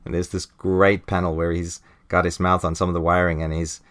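A man with a low voice talks through a comic book in a relaxed podcast chat. He laughs now and then and jumps into high, squeaky put-on voices whenever he reads a character's lines. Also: brisk. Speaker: podcast host. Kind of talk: casual comic book review.

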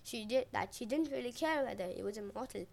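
A woman's voice: a little high, lively intonation, fairly quick, gravelly, darkish tone. A woman podcast host retelling a myth in a playful, wry way.

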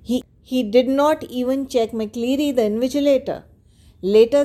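Woman, teacher, explains a story, mellow warm tone, asks rhetorical questions. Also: on the high side. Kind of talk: literature lesson explaining a story.

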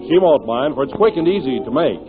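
A man with a high, lively announcer's voice delivers scripted narration and an ad in smooth, declamatory style. His voice sounds thin and phone-like, with music behind him, as on an old radio broadcast. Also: brisk.

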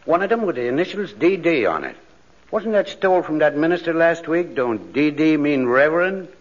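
Man doing a dim tough-guy cop, lively pitch, dull old radio sound. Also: a crowd in the background, natural voice. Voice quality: slow, dim-witted, tough-guy talk. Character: dim-witted male police sidekick. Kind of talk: 1940s radio acting.

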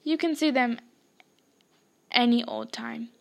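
Eager, exclaiming young boy, put on by a woman reading a storybook; high and bright. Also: slow, creaky. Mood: chatty.

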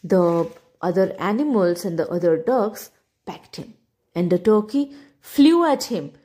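A woman narrating a children's storybook in a gentle, expressive reading voice. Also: fairly low pitch, unhurried.

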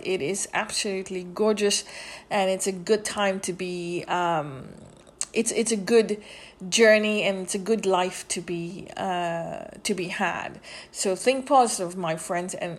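Woman podcaster, rambling monologue, lots of fillers, mid-pitched voice. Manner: rambling, many fillers and restarts; indignant commentary. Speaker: podcast host. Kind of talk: casual monologue.

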